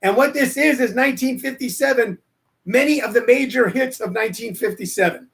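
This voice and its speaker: His voice is very high and fairly bright, and he moves at a brisk clip. The speaker is a sixties-aged stand-up comedian hosting a casual livestream, full of rambling jokes and digressions between plugs and stories.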